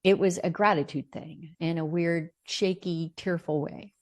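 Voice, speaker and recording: A middle-aged woman telling a personal story in an earnest, expressive way, partly reading aloud from her own notes. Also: lowish voice, a little slow. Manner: earnest, expressive, with bright lifts into quoted lines. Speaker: storyteller sharing a personal memoir.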